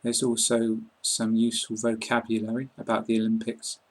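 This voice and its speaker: A British man with a slightly husky voice, calmly explaining things in an online English lesson. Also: lowish voice, normal speed, poor audio. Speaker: English accent teacher.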